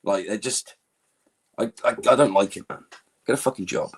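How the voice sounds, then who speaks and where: A man chatting on an online stream, animated and full of swearing, often mimicking other people as he talks. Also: lowish voice, moderate pace, husky. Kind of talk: casual online stream chat.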